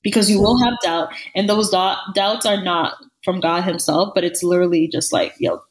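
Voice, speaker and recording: A woman co-hosting a podcast in casual chat, talking in an animated, emphatic way and repeating phrases for stress. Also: lowish voice, moderate pace, low-quality recording. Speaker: podcast co-host.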